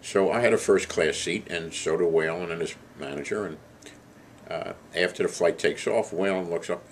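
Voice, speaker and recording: A man's voice: deep voice, normal speed, a little hiss or hum. An older man telling a casual spoken anecdote, rambling with fillers and self-corrections. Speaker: storyteller recalling past trips.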